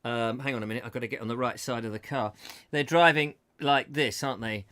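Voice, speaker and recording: A man's voice: medium pitch, a little fast, bright, forceful tone, dry recording. A middle-aged man hosting a comic live chat show, rambling playfully and mocking himself as he reads viewer comments. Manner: rambling, playful, self-mocking, breaks into silly voices. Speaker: host.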